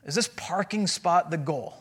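A man preaching a sermon as a pastor, in animated, conversational storytelling. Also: on the high side, normal speed, slightly rough.

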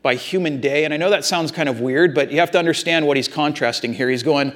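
A man's voice: on the high side, fast talker, few pauses, a bit bright. A man preaching a sermon, talking straight to his congregation in an earnest, repetitive way. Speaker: pastor.

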